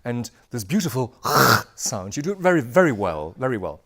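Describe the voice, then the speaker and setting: A man teaching a lively language crash course, playful and laughing often, repeating words for the class to echo. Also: mid-range voice, normal speed. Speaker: Dutch language instructor.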